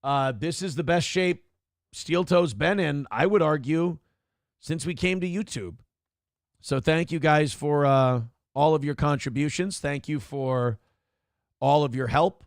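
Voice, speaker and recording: A man's voice: a little high, a little slow, dry recording, studio quality. A male talk show host in casual live-stream chat, profane and joking as he reads out viewer comments.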